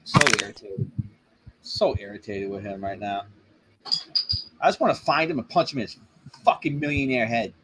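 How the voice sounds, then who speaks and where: A man's voice: on the low side, moderate pace, long pauses, background noise. A man co-hosting a casual podcast, ranting in a profane, irritated way. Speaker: co-host.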